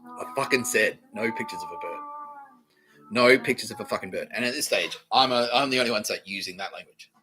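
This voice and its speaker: A man hosting a podcast, rambling through a profane monologue that swings from low mutters to loud outbursts. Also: a little fast, music in the background, rough recording. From Australia. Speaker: podcast host.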